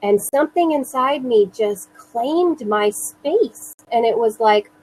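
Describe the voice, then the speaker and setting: A woman in her thirties, a mother recounting her own experience in an interview, speaking slowly and earnestly with halting restarts. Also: fairly high pitch, animated, darkish tone, poor audio. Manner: slow, earnest, self-reassuring, halting restarts. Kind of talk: personal testimony in an interview.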